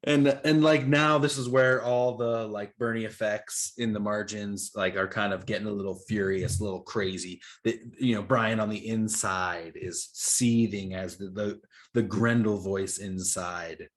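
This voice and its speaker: A man's voice: lowish voice, steady tone, unhurried. A man co-hosting a podcast, chatting casually and easily about comics. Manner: easygoing, chatty, laughs often. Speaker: podcast co-host.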